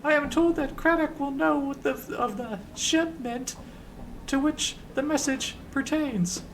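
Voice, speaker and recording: A high-pitched fawning messenger. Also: male voice, a little slow, slight background noise, rough recording. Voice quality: high falsetto voice. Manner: flowery, overly polite. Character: effeminate heavy-set male messenger, fawning and apologetic.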